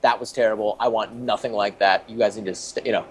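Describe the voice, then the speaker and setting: A man imitating a gruff male TV host who barks curt orders at his staff. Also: fairly low pitch, fairly even intonation, quick pace. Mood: scornful. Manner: curt, yelling commands.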